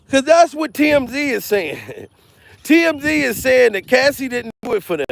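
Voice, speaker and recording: High, gravelly man ranting on a vlog. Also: very animated, normal speed, a little hiss or hum. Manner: loud, repetitive, laughing between rants. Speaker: comedian vlogger. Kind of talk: profane comedic commentary vlog. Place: outdoors.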